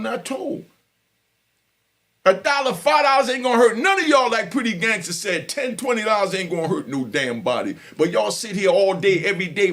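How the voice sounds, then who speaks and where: Gravelly, fired-up older man ranting. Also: sits high. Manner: loud, profane, preaching to viewers. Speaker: prison story vlogger. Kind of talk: heated unscripted monologue.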